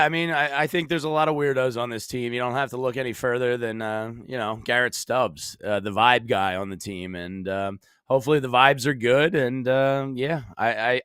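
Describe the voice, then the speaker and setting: A man's voice: mid-range voice, a bit bright, smooth, no room sound, studio quality. A man co-hosting a casual sports show, goofy and playful, hyping things up.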